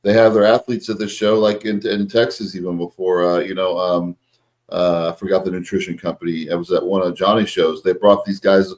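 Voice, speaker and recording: A man's voice: deep voice, level tone, a little fast, a little mellow. A man, a co-host and coach, chatting casually with many fillers and hesitations. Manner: hesitant, filler-heavy, agreeable. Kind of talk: casual chat.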